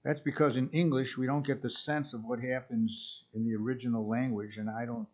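A man preaching a sermon, hesitant with many pauses and restarts. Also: medium pitch, level tone, a little mellow.

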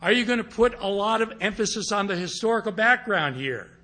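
A man's voice: high-pitched, animated, brisk, sharp tone. A man teaching a class on interpreting scripture, speaking emphatically and often checking that his listeners follow. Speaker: Bible teacher.

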